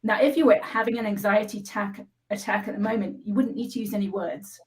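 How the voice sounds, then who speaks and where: A woman explaining a tapping technique as a guest, speaking calmly and checking in often. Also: mid-range voice, quick pace, poor audio. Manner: calm, instructive, frequent "right?" check-ins. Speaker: EFT tapping practitioner, guest. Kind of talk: explaining a technique on a live show.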